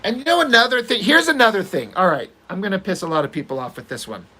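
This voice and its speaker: An artist working on a comic page chats casually as he draws, ranting with strong opinions, swearing freely, and trailing off into fillers. His high voice is fast, bright, and pushed, with lively intonation.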